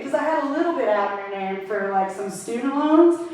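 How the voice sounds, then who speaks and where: Female stand-up, brighter pitch, dark deadpan storytelling with laughs; distant mic, heavy echo. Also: fast, few pauses. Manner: dark deadpan jokes, often breaking into laughter. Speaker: stand-up comedian. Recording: very echoey, distant mic, faint noise.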